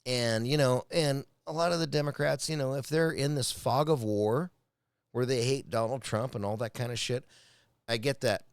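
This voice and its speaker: A man's voice: medium pitch, moderate pace, smooth, no room sound, clean studio sound. A man reacting to a clip in a casual rant, profane and agitated, often stumbling and repeating words.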